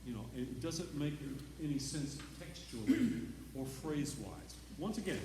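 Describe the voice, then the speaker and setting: A man's voice: on the high side, sing-song, measured pace, dark tone, a little hiss or hum. A man leading a choir rehearsal, coaching singers and demonstrating phrases by singing them in a chatty, encouraging way. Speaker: choir director. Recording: echoey hall from far off.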